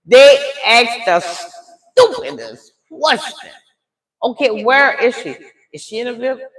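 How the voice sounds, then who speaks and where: An older woman telling a dramatic story to her viewers in a chatty, animated way. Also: a little high, measured pace, reverberant. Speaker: live streamer telling a story.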